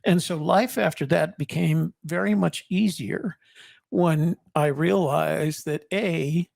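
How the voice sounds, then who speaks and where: A man in his seventies telling a personal story in an interview, reflective, with halting restarts. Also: a little high, creaky, darkish tone, dry recording, clean studio sound. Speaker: guest, army veteran and co-author.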